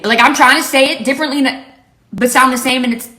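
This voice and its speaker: A woman's voice: high voice, animated, fast talker, sharp tone, reverberant. A woman from Pittsburgh with a slight Southern touch to her accent, telling a comic story to camera in a casual, exasperated way. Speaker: lifestyle vlogger.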